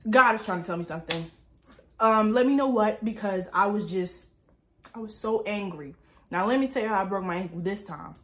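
Speaking briskly in a mid-range voice, this early-twenties woman from New Jersey, a lifestyle vlogger, dramatizes a story in a chatty, casual way. She leans heavily on filler words, especially "like."

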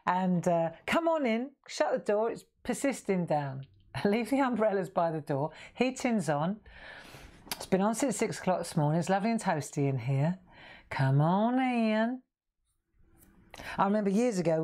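A woman's voice: low voice, a little mellow. A woman hosting a craft livestream from her craft room, chatting to viewers in a rambling, jokey way and laughing often. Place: indoor home craft room.

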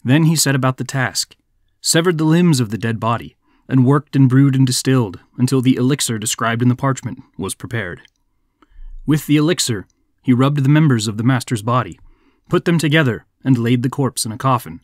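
Male podcast narrator, mid-pitch, dry booth sound, measured folk-tale reading. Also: no room sound. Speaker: podcast host.

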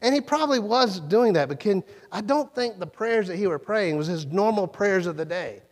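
Preacher guy, kinda high voice, chatty sermon, big church echo. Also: expressive, moderate pace. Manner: conversational, acts out quoted lines with pitch jumps. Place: church sanctuary. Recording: long church reverb.

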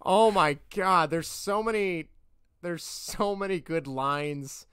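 A man co-hosting a podcast in casual chat, retelling movie scenes in a rambling, animated way and thinking aloud as he looks things up. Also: high-pitched, slow, clean tone, no room sound, clean studio sound. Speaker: podcast co-host.

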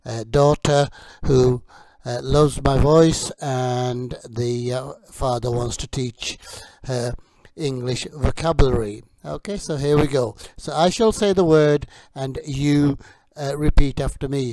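A man teaching English vocabulary, who says each word slowly and clearly, then pauses so the learner can repeat it. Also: medium pitch, steady tone, a little mellow, no echo. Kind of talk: slow, deliberate vocabulary drill.

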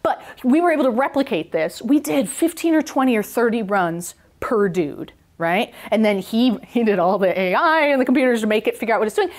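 A woman's voice: fairly high pitch, animated, a little fast, hardly any pauses. A woman professor giving a public science talk in an enthusiastic, jokey, storytelling way. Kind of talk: lively science lecture to a club. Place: in-person talk in a meeting hall.

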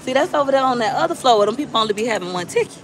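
A woman's voice: fairly high pitch, animated, very fast, slight background noise. A woman gambling on a live stream in a casino, coaxing the slot machine and chatting with her viewers. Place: casino floor.

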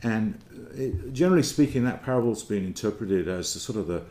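Brisk and lively in intonation, a man with a fairly low, dark voice gives a casual theology talk. He pauses to search for words, and the recording echoes around the room.

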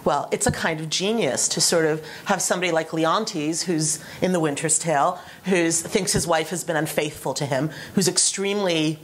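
A woman's voice: low voice, normal speed, hardly any pauses. A woman speaking as a panelist at a roundtable discussion, talking animatedly and eager to jump in.

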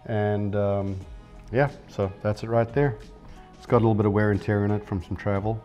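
A man's voice: on the low side, steady tone, moderate pace, warm tone, lo-fi sound, faint music behind. A middle-aged man, a golf pro, telling casual self-deprecating anecdotes in an interview.

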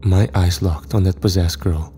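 A man tells a first-person horror story in a steady, even way. His voice is deep and dark, with faint music underneath. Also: normal speed. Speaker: narrator.

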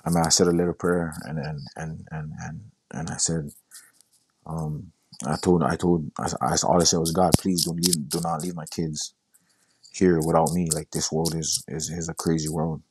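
A young man casually telling a personal story in a halting way, often repeating himself and quoting what he said. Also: very deep voice, level tone, darkish tone, breathy edge. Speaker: guest sharing his story.

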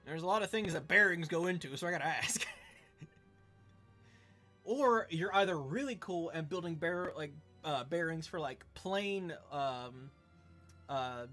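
Speaking a little slowly in a highish, bright and forceful voice, a twenty-something game streamer from the American South banters with his stream in playful mock outrage, stumbling over words for comedy. Soft music plays in the background.

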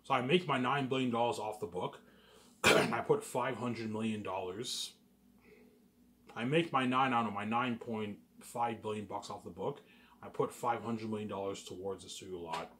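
A young Canadian vlogger rambles to his viewers in a casual, repetitive monologue, restarting phrases and boastfully daydreaming about his plans. His voice sits fairly low with fairly even intonation, a normal pace and a fairly bright tone. There's slight background noise.

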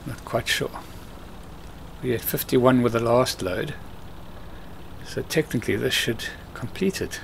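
A man at an ordinary mid pitch talks through his farming game in a loose, conversational way. He mutters to himself and tells off the game's clumsy drivers. A machine engine hums softly behind his voice. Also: unhurried, vocal fry, long pauses, slight background noise. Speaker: let's play host. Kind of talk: casual gameplay commentary.

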